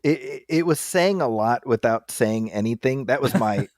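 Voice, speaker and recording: A man co-hosting a casual film podcast, dropping wry deadpan jokes and stumbling over restarts as he thinks aloud. His pitch moves around a lot, and the sound is close and dry with no room around it. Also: normal speed, no room sound. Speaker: podcast co-host.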